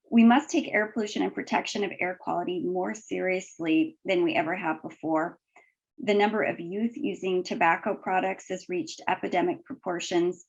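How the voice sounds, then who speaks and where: A woman physician, a guest author, reading her own writing aloud in a measured, deliberate way. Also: on the low side, creaky. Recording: muffled, lo-fi webinar audio.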